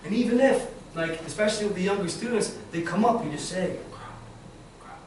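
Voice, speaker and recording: A man runs a live teacher-training session, energetic and demonstrative. His voice sits high for a man. He is picked up from across a very echoey classroom, with faint noise behind him. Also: fast talker. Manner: energetic, demonstrative, acts out examples. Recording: very echoey room, far mic, faint noise.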